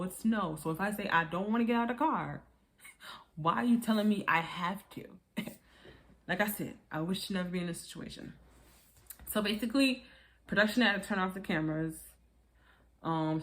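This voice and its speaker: Woman vlogger, casual TV review, mid-range voice, playful, jumps into high-pitched quoted voices. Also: moderate pace. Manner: frequent laughter. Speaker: reality TV reviewer. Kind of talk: casual commentary.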